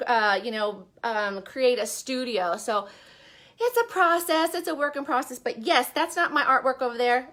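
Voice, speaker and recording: A high-voiced woman with a crisp, bright tone hosts a live stream as a business coach. She talks in a chatty, upbeat way and keeps asking her viewers direct questions. She speaks from a bedroom at home.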